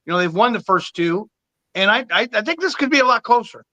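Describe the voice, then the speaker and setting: A man chats about football on a podcast in a high, bright voice. He restarts his sentences often and works through his thoughts casually. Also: animated, a little fast. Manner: hesitant, repeats starts, chuckles. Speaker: podcast co-host giving picks. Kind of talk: casual sports chat.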